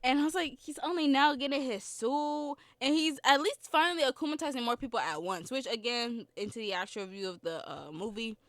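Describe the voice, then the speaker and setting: Young female podcast host, high bright voice, dry close sound, rambling and giggly, slight sore throat. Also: lively intonation, a little fast, few pauses, dry recording. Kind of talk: casual film review chat.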